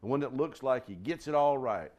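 A man preaching a sermon, telling stories and stretching key phrases with big rises in pitch. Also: expressive, a little fast, darkish tone. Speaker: pastor.

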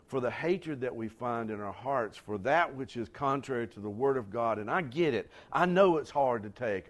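Male pastor mid-sermon, mid-pitched voice, speaks directly to the congregation, rises to forceful emphasis. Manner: rising to emphatic near-shouts on key lines; addresses the congregation directly, conversational asides.

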